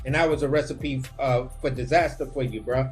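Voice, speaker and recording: A man on a livestream video call, animated and opinionated, repeating words as he builds his point about boxing. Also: mid-range voice, a little fast, faint music behind. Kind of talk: casual boxing chat on a livestream.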